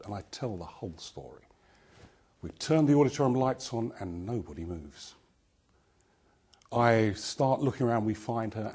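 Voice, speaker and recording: A man giving a talk, telling a personal story in a lively storytelling manner. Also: on the low side, husky. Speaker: conference speaker.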